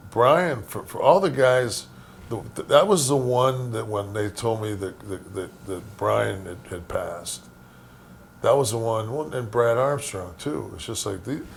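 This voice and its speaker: A man recalling old friends in a halting, reflective way, swearing often. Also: fairly low pitch, vocal fry, slight background noise. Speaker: wrestling guest recalling stories. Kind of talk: casual storytelling.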